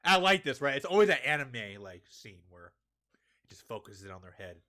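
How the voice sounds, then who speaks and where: Animated bright-voiced male reviewer. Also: mid-range voice, normal speed. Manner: excitable, keeps asking "right?" and saying "man". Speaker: host reviewing manga chapters. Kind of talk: casual solo chapter review.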